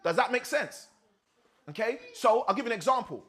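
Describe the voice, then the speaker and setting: A man's voice: very high voice, expressive, fairly quick, fairly bright tone. A man, a father of six, leading an interactive teaching session and asking his audience questions. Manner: asks the audience questions often.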